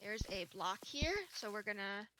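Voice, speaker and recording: A woman's voice: mid-range voice, moderate pace, bright, forceful tone, slight background noise. A young woman streaming a co-op game, giving directions with frequent giggles and swearing. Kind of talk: casual co-op gameplay chat. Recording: game music behind voice.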